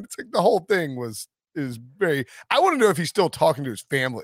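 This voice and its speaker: A man's voice: fairly high pitch, big pitch swings, quick pace, few pauses, a bit bright, no echo. Guy hosting a sports podcast, jokey and chatty, bouncy voice, dry sound. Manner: chatty, joking, laughs often. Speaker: podcast host. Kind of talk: casual sports podcast chat.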